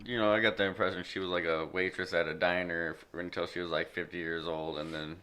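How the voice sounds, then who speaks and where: Man, low voice, bright edge, halting, many restarts, wry. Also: fairly even intonation, smooth. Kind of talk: casual podcast chat.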